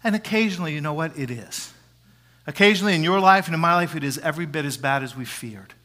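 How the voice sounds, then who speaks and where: A man's voice: fairly high pitch, fast. Dynamic preacher man in a reverberant hall. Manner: dynamic preaching that swings from loud emphasis to soft whispers. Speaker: pastor. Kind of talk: sermon. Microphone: handheld microphone.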